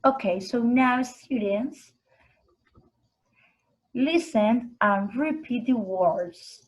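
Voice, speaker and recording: A woman teaching vocabulary, saying each word twice, slowly and with careful enunciation. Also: on the high side, expressive, low-quality recording. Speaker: English teacher. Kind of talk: slow vocabulary lesson with repetition drills.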